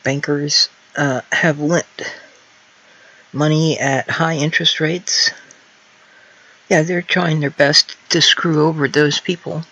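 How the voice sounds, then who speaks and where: Higher-voiced man on a dull mic. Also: fairly even intonation, slow, long pauses, bright, forceful tone. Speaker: guest co-host. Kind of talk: casual political chat.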